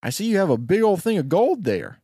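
A friendly, coaxing stranger leading a horse, voiced by a man telling a story. His voice moves lively up and down in a dry, close sound. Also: high voice, brisk, slightly rough, no room sound, pitched above the performer's own voice, heavily acted. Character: grown man tricking a traveler for his gold.

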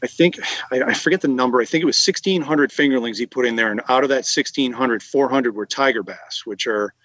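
Fishing stories pour out of this guest from Massachusetts, USA, told casually at length with many fillers and restarts. His mid-range voice is a bit bright and a little fast, captured in a dry recording.

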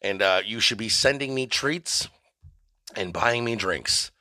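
A male podcast host delivering a rambling, mock-ranting comedic monologue, profane and deadpan absurd. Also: lowish voice, measured pace, no room sound, clean studio sound.

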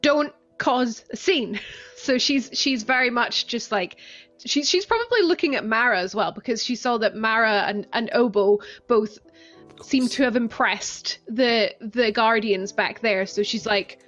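A woman's voice: on the high side, a little slow, a bit bright, lo-fi sound, faint music behind. A woman describing her character in a tabletop role-play, hesitant and repeating words. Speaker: player.

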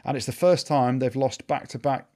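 This is a man, a podcast co-host. He runs through the week's rugby results in a brisk, jokey style, full of banter with his co-hosts. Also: mid-range voice, a little mellow. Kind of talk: casual chat, rundown of weekly results.

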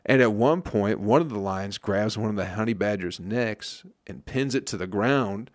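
A man's voice: fairly low pitch, moderate pace, no echo. A comedian hosting his podcast, talking in a rambling casual monologue and swearing a lot. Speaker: stand-up comedian and podcast host.

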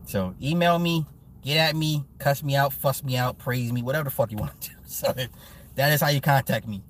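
A man's voice: mid-range voice, fairly quick. Blunt, profane man in his forties. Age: 40s. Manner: profane, blunt, animated, laughs often. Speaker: live-stream host and movie reviewer. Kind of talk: casual live-stream chat with viewers.

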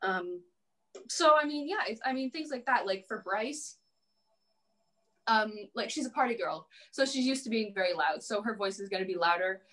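A woman's voice: mid-range voice, lively intonation, normal speed, a bit bright. A young adult woman guest on a podcast, chatting casually about cosplay, peppering her talk with "like" and laughing often. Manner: chatty, heavy use of "like", frequent laughs. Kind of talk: casual interview chat.

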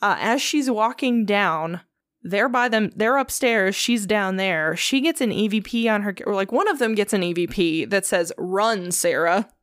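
A woman's voice: mid-range voice, expressive, normal speed, a bit bright, dry recording, studio quality. A woman casually retelling a story on a podcast, swearing freely and acting out the quotes. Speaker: podcast host.

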